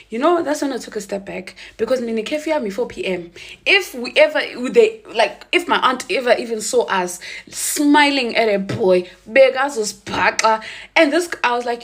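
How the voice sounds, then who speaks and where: Speaking at a moderate pace in a slightly high voice, a woman with a South African accent shares a lively storytime. She laughs a lot and flips between isiZulu and English.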